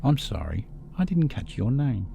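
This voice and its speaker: A man voicing Zack, a calm and menacing old vampire leader, speaking solemnly and with command. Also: mid-range voice, moderate pace, vocal fry, lo-fi sound, slight background noise, voice pushed up.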